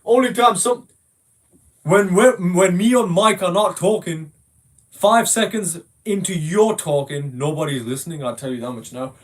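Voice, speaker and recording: A man hurls profane insults in a game voice chat, mocking and relentless. His voice sits high for a man. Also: lively intonation, normal speed. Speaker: gamer in a voice call. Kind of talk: casual trash talk.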